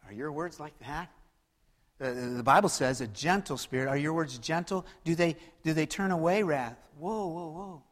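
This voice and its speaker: A man preaching a sermon as pastor, swinging between loud emphatic passages and hushed, quiet asides. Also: fairly high pitch, moderate pace, long reverb tail.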